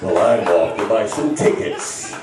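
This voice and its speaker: A male stand-up comedian rambling and stammering through a set, bursting into shouts. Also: lowish voice, animated, unhurried, very noisy. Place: bar stage with live audience. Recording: echoey club recording from far off. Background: crowd laughing.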